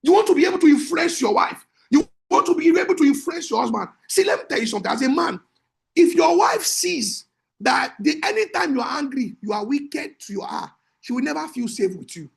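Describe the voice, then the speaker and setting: A man, a marriage coach teaching in an emphatic, repetitive preaching style that breaks into shouts. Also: very high-pitched, animated, fairly quick, gravelly.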